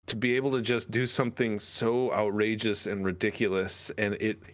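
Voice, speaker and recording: A man's voice: on the low side, level tone, moderate pace. A man co-hosting a podcast, chatting casually with rambling sentences and many fillers. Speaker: podcast co-host. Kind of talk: casual chat.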